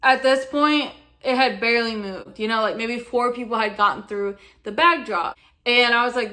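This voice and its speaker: A woman's voice: a little high, steady tone, a little fast, bright, forceful tone. A young woman vlogger telling a storytime in a casual, chatty way, often saying "like" and "right?".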